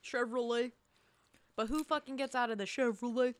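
A woman's voice: fairly high pitch, fairly even intonation, moderate pace. A young woman co-hosting a podcast, casually chiming in on a movie recap with blunt, profane remarks. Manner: interjecting, blunt, swears a lot. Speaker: podcast co-host.

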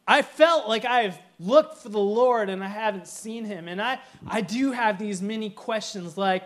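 A man with a strikingly high voice delivers a sermon to his congregation. He preaches with earnest emphasis and easily slips into a joking, playful aside. He sounds like a pastor speaking from the front of a church. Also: moderate pace, fairly bright tone.

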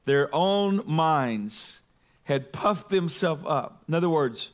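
A male pastor teaching through a Bible passage, reading scripture aloud with rising emphasis and slowing on key words. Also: fairly high pitch, animated. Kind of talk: expository sermon.

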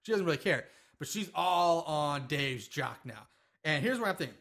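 Male podcast host, bright and a bit high, rambling profane recapper. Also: expressive, normal speed. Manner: rambling, profane, jokey storytelling. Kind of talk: casual movie recap chat.

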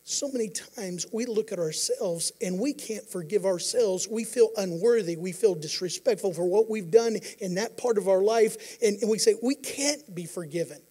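A pastor preaching a sermon, earnest, moving between quiet passages and emphatic declarations. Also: male voice, high-pitched, normal speed, few pauses.

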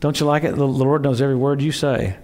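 A man preaching a sermon in an excitable storytelling way, acting out quoted voices and exclaiming. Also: mid-range voice, fast talker.

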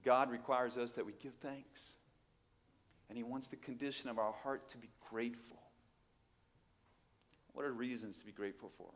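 Animated male preacher. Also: normal speed, pauses often, in a large hall. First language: Portuguese. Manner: animated, emphatic, swings from low asides to loud exclamations, rhetorical questions. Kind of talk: sermon.

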